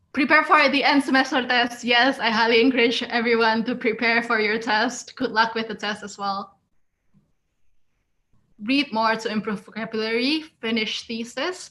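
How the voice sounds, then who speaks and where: A woman's voice: fairly high pitch, pushed and bright. A woman giving an encouraging webinar talk as guest speaker, reading out and answering audience responses. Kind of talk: webinar presentation.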